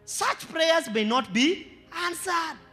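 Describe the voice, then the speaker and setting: A high, bright-voiced Kenyan man preaching a sermon, climbing into shouted emphasis and playful asides. His voice rings out through a reverberant church hall with faint music underneath. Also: expressive, slow pace. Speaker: pastor.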